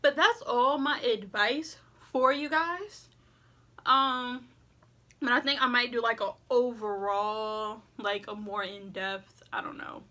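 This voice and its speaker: Chatty bright-voiced young woman vlogger. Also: fairly high pitch, slow pace. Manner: chatty, heavy use of "like" and "you know what I'm saying"; eating while talking. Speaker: vlogger giving school advice. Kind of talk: casual advice vlog.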